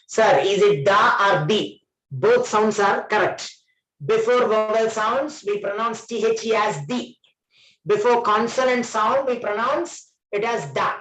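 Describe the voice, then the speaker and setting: A man's voice: sits high, a bit bright. A man giving a classroom grammar lecture, emphatic and often quizzing his students. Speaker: trainer. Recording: roomy classroom echo.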